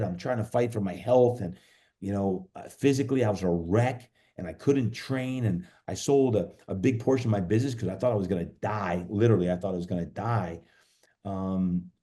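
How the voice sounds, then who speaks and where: A podcast guest who works as a fitness coach tells a personal story earnestly and reflectively. His voice is fairly low, dark, and mellow, and he often pauses on fillers and restarts sentences.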